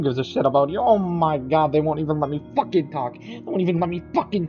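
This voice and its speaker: A man's voice: a little high, lively intonation, fast, few pauses, lo-fi sound, soft background music. A young man ranting at a chatbot in a profane, explosive, exasperated way. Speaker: gamer. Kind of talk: profane comedic rant at a chatbot.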